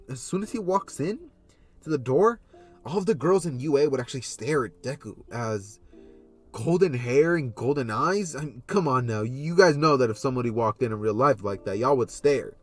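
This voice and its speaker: A man's voice: medium pitch, expressive, normal speed, soft background music. A man casually narrating a fan story, rambling with many fillers and loose links.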